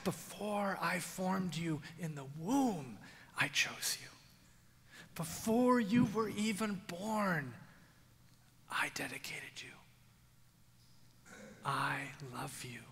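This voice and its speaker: A man voicing God in a whispered role-play, soft, slow and patient, repeating words of love. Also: a little high, breathy edge, pitched below the performer's own voice, exaggerated voice. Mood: tender. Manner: soft, slow, hushed repetition. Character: God, a tender, patient divine voice. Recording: long church reverb.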